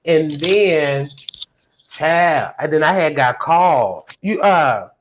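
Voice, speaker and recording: A woman's voice: deep voice, slow. Chatty out-of-breath woman host. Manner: animated, chatty storyteller, loose slang. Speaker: podcast host. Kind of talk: casual chat.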